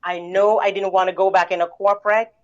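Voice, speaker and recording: A woman from the Caribbean tells her story as an interview guest. She talks in an animated way, with lots of "you know"s and laughter. The recording sounds muffled and lo-fi. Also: mid-range voice, a little fast. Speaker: guest, bookkeeping business owner.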